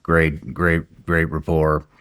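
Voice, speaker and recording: Very deep-voiced blunt man telling stories. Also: completely flat delivery, slow, fairly bright tone, clean tone. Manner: blunt, matter-of-fact, profane. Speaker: podcast host. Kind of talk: conversational war storytelling.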